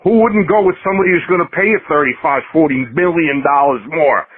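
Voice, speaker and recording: A man calling in over a thin, tinny phone line, his voice husky and a little high. He talks casually and bluntly, shrugging things off with profanity. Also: a little fast. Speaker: caller. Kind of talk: phoned-in voice message.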